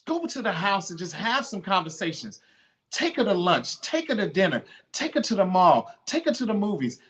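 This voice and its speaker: A man hosting a podcast, urging listeners to honor their mothers and telling the story of losing his own, by turns fervent and hushed with grief. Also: high-pitched, very animated, moderate pace. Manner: impassioned, pleading, then hushed and grieving. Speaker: podcast host. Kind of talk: emotional personal storytelling.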